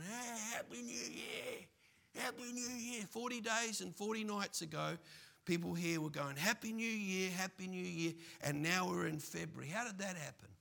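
A man preaching a sermon as pastor, animated and full of playful asides. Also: a little high, creaky.

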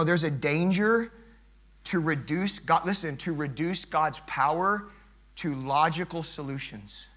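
High, bright-voiced preaching pastor. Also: male voice. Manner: dynamic preaching, swinging from loud emphatic build-ups to hushed low passages. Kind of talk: sermon.

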